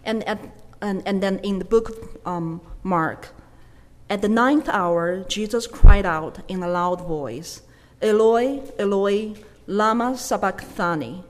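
A woman interpreting a sermon live, quick phrases with fillers and self-corrections. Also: lowish voice, big-room sound.

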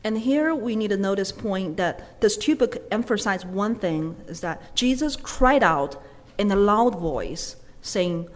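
A woman's voice: mid-range voice, lively intonation. Woman interpreting a sermon, hall reverb. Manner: quick, with fillers and self-corrections.

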